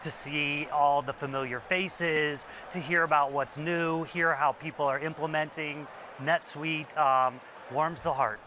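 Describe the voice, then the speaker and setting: Guy co-anchoring, friendly, bright tone. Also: a little high, fairly even intonation, a little slow, hardly any pauses, a little hiss or hum. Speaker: studio anchor. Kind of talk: live event broadcast banter.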